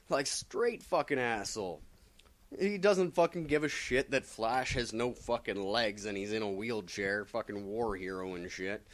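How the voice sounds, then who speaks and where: Man, casual vlogger, average pitch, rambling profane comics rant. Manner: swears constantly, rambling with lots of fillers. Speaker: comic book reviewer.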